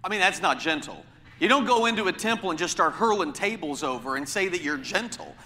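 Emphatic high-voiced preacher in a hall. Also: male voice, animated, brisk, sharp tone, faint music behind. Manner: emphatic preaching, rhetorical questions. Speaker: pastor. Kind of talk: sermon.

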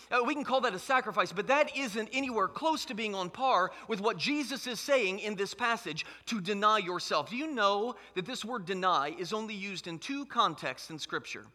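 High, bright preaching man in a hall. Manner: emphatic, conversational preaching. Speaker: pastor. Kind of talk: sermon. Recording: long hall reverb.

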